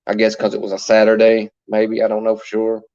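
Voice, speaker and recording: A man's voice: on the low side, monotone, a little fast, mellow, dull audio. A man hosting a casual livestream from his phone, chatting and greeting viewers by name as he answers their comments. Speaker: livestream host.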